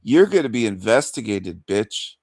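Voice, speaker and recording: A man's voice: medium pitch, animated, takes it slowly, vocal fry, no echo, studio quality. A man hosting a livestream rant in a mocking, taunting manner, chuckling between insults. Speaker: livestream host.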